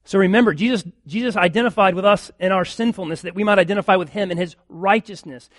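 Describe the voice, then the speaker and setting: A man's voice: high voice, quick pace, hardly any pauses, a bit bright, no echo, clean studio sound. A man, a pastor, preaching a sermon earnestly, building emphasis with repeated phrases.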